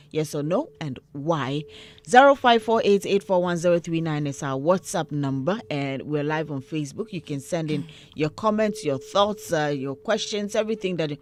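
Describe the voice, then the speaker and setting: A woman's voice: on the low side, expressive, moderate pace. A woman hosting morning radio, explaining a news item and putting questions to listeners. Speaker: radio co-host. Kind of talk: casual morning radio chat.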